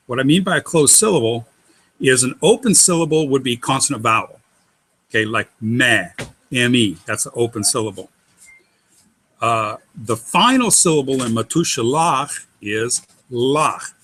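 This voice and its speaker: Bright-voiced man teaching Hebrew syllables. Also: mid-range voice, lively intonation, moderate pace. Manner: patient, methodical, spells out letters.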